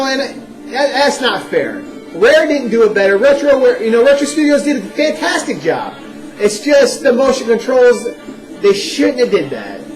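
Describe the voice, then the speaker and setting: A young man giving a casual, animated first-impressions game review, full of "you know" and "like.". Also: very high voice, low-quality recording. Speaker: video game vlogger.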